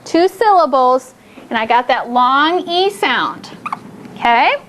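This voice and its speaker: A woman teaching a phonics lesson to a small group of children, upbeat and encouraging, stretching out words slowly to model them. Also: sits high, expressive, a bit bright, slight background noise.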